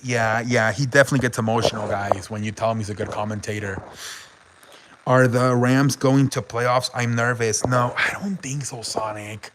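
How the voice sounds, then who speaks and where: A man chatting loosely on a sports stream, reading viewer messages aloud and swearing freely. His voice sits at an ordinary middle pitch, with trailing restarts and filler between thoughts. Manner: rambling, swears often, reads chat aloud. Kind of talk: casual live-stream sports talk.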